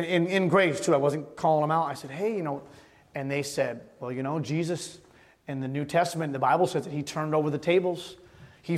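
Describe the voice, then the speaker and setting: A man's voice: sits high, big-room sound. A man preaching a sermon as a pastor, moving from a told story into emphatic preaching.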